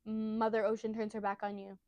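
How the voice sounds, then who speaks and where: A woman voicing a calm, laid-back male pirate captain, speaking matter-of-factly. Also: mid-range voice, brisk, no room sound, natural voice. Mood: explaining.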